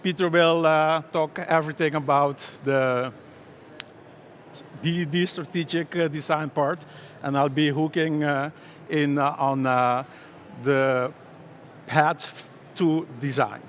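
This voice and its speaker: A man speaks as a software architect at a conference, hesitant and full of filler pauses. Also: fairly high pitch, steady tone, a little hiss or hum. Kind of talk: conference talk.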